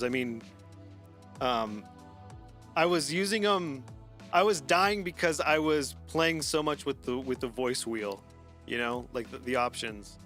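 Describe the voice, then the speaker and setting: A man's voice: mid-range voice, a bit bright. A man hosting a live gaming stream in casual chat, laughing often and rambling with restarts.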